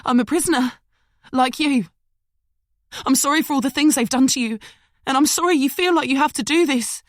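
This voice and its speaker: A woman voicing a frightened young female captive with a London accent, pleading in a high, tearful voice. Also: a little fast, no room sound, studio quality, natural voice. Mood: urgent.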